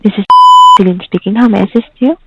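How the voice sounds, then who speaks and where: A woman's voice: medium pitch, fast talker. A woman answering the phone as a spa receptionist, polite and formal as she lists the services. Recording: dull phone line.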